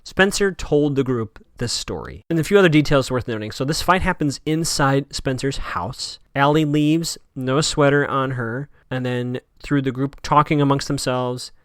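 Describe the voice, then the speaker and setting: A man's voice: medium pitch, normal speed, few pauses, fairly bright tone, no echo. Male podcast host, casual recap, mid voice, dry close mic, acts out quoted lines. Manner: chatty, retells scenes with quoted lines.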